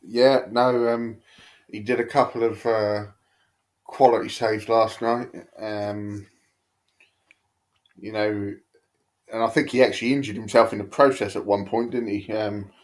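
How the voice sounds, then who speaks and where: A low-voiced man co-hosts a casual podcast, talking very slowly. He pauses often and fills the gaps with ums while he searches for words. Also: fairly even intonation. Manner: hesitant, full of ums, short replies. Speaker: podcast co-host. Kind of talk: casual banter.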